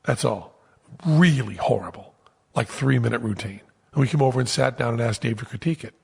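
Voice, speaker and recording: A man casually telling a lively anecdote as a podcast host, acting out the quotes. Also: mid-range voice, fairly quick, vocal fry, slightly rough, big-room sound. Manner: animated storyteller, acts out quotes.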